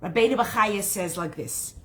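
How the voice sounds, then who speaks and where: A woman teacher telling a story in a class, dramatic and expressive. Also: medium pitch, normal speed. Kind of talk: storytelling lesson.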